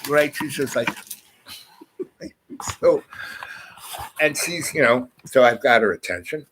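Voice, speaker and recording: A man of ordinary pitch spins a long, winding anecdote for his vlog. He circles back on himself constantly, padding his sentences with fillers and false starts in a loose, chatty delivery. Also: a bit bright, a little hiss or hum, poor audio. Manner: meandering, many fillers and restarts. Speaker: vlog host. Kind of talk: rambling personal storytelling.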